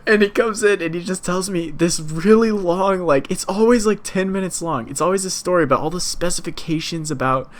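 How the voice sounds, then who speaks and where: A man's voice: high-pitched, brisk, hardly any pauses. A young man co-hosting a podcast, telling a story in casual chat, laughing often and swearing freely. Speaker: podcast co-host.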